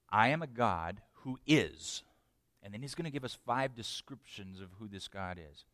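A man preaching a sermon in an animated way, asking the congregation questions. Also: on the low side, moderate pace, dry recording, studio quality. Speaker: pastor.

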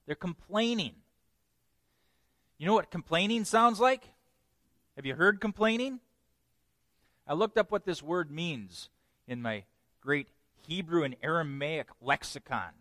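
A man delivers a sermon in a fairly high voice. He teaches with lively humor and plenty of playful asides. The sound is close and dry, with no room around it. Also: unhurried, long pauses, no room sound. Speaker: pastor.

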